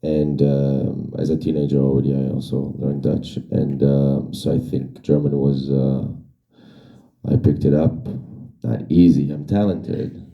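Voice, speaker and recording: A man whose first language is Yiddish, an actor answering questions at a film screening Q&A in a halting way, with many restarts. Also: very deep voice, level tone, gravelly, highs cut off. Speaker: actor and panel guest.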